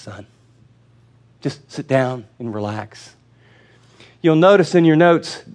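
A man's voice: fairly high pitch, darkish tone. A middle-aged male pastor preaching a sermon in a conversational, storytelling way, earnest and direct.

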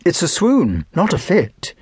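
A narrator voicing a calm young gentleman. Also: high voice, a little slow, husky, no echo, studio quality, voice pushed up, heavily acted. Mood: firm. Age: young adult. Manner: steady, firm instructions. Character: young aristocrat, calm and practical.

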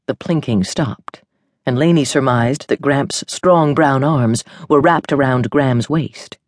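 A woman narrating an audiobook novel in an expressive storytelling manner. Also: rumbling low, measured pace, no room sound, clean studio sound.

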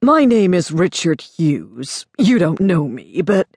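Woman narrator voices a brisk, pushy American man with a husky drawl who talks over people. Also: fairly low pitch, very animated, darkish tone, no echo, studio quality, full character voice. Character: smooth-talking American businessman on the phone.

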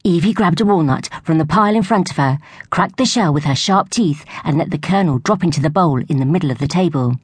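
A woman narrating a storybook for young children in a gentle, even way. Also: sits low, brisk, husky, no echo. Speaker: audiobook narrator.

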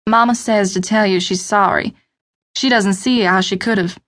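A woman's voice: medium pitch, steady tone, normal speed, a bit bright, lightly acted. A woman narrator voicing a young man with a Southern drawl, by turns sarcastic and coaxing, in an audiobook.

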